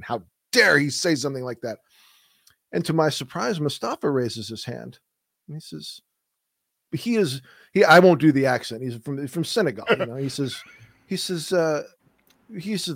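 Man in his 30s, podcast co-host, casual animated storytelling, medium pitch, dry close mic. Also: dry recording. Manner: animated storyteller, frequent restarts. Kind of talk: casual conversation.

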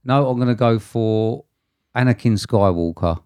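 A man's voice: mid-range voice, moderate pace, darkish tone, clean tone, no echo. A man, chatting in a laid-back, jokey and sweary way as a podcast co-host. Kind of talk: casual chat.

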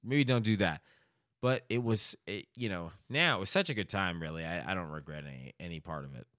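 A man's voice: low voice, lively intonation, fairly quick, a bit bright, no echo, studio quality. A man co-hosting a podcast, rambling and swearing freely in crude casual chat, laughing often. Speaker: podcast co-host.

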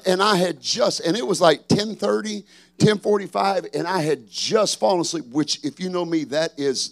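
A middle-aged man, a pastor preaching a sermon, swinging from shouted refrains to chatty storytelling. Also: on the high side, creaky.

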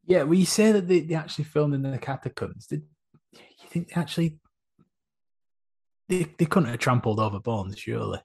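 A man's voice: on the high side, expressive, moderate pace, gravelly, pauses often, a little mellow, slightly rough. A man co-hosting a casual chat about a film, easygoing and chatty, hedging his thoughts as he goes. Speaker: podcast co-host.

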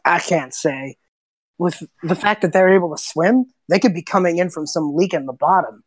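A woman voicing a short, gruff old male lighthouse keeper with wild white hair, who talks bluntly and impatiently. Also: lowish voice, normal speed, no room sound, natural voice.

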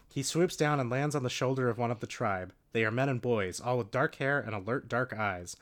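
Guy reading a story out loud to a friend, laughing, joking around. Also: mid-range voice, a little fast, hardly any pauses. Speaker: reader. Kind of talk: casual storybook read-aloud.

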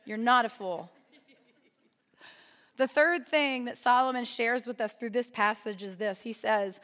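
A young woman preaches a funny, conversational sermon to a live crowd, frequently asking them questions; she speaks at women's ministry events. Her voice sits fairly high, moves a bit slowly and sounds bright and pushed. The recording carries a long hall reverb.

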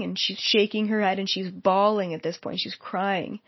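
A woman tells a story in a casual, animated way and throws herself into the quoted lines. Her voice sits in the middle register for a woman. The recording is dull and lo-fi, with a dry, close sound. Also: medium pitch, fairly quick, dry recording. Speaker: psychic medium.

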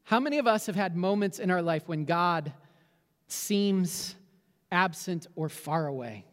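A man's voice: high-pitched, expressive, unhurried, long reverb tail. A middle-aged man, a pastor, praying and preaching earnestly, often repeating words as he restarts. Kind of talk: prayer and sermon. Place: church sanctuary with candles behind him.

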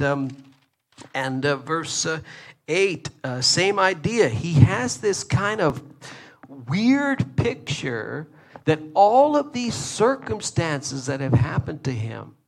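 Male preacher, somewhat high voice, gravelly, emphatic sermon delivery. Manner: earnest, emphatic, with frequent repeats and fillers.

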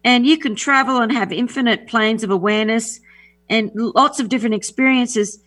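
A woman talks as a guest on a call-in radio show, her voice sitting a little high. She speaks with eager enthusiasm and rambles, often restarting her sentences mid-thought. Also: normal speed, a bit bright. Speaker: guest, affirmation music artist. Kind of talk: casual radio interview.

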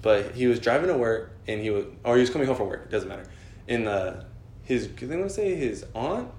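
A man's voice: medium pitch, animated, fast talker, darkish tone, reverberant. A young man telling a story in casual chat, rambling with lots of fillers and swearing. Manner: rambling, swears a lot, many "like" fillers, laughs while telling.

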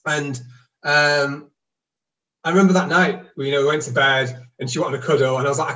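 Candid man telling his story, halting. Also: on the high side, steady tone, pushed and bright, far from the mic, low-quality recording. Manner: halting, candid, self-deprecating. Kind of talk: casual reflective storytelling.

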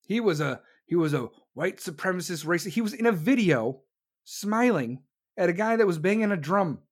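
This is a combative livestream host ranting through political commentary, cursing freely and talking fast in bursts. Opponents get mocked in sarcastic put-on voices before the host snaps back to a blunt, scornful delivery. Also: medium pitch, lively intonation. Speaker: livestream host taking callers.

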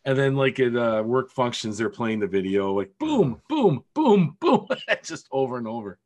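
A man's voice: medium pitch, animated, moderate pace. A middle-aged man hosting a casual podcast over a video call, telling a rambling story and swearing freely. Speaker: podcast host.

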